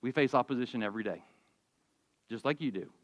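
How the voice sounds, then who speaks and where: A man in his forties preaching a sermon, telling stories in a lively, conversational way with humor. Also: medium pitch, quick pace, long reverb tail. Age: 40s. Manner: animated storytelling, conversational with humor. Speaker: pastor. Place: church sanctuary.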